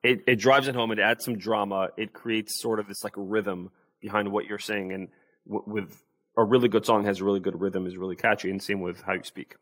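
A man's voice: on the low side, little pitch movement, brisk, a bit bright, dry recording. A young adult man, a sales coach, explaining and demonstrating tones of voice in a casual interview.

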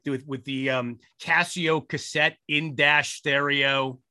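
A man's voice: fairly high pitch, fairly even intonation, slow, bright, forceful tone, clear, resonant tone. A man from the Rochester, New York area, chatting casually and joking about teenagers. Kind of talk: casual chat.

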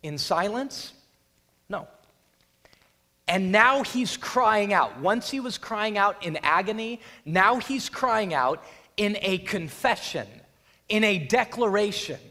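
A man preaches with a high, lively voice, retelling a scripture scene with drama and acting out what its people say. His voice rings out with the long reverb of a large hall. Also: slow pace. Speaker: pastor. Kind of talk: sermon.

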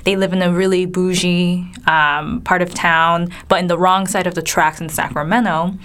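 A young woman from California chats casually as a co-host, telling her story in an earnest way with plenty of ums and likes. Her voice sits a little low for a woman. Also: steady tone, moderate pace, a bit bright. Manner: earnest, filler-heavy storytelling. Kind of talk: casual chat.

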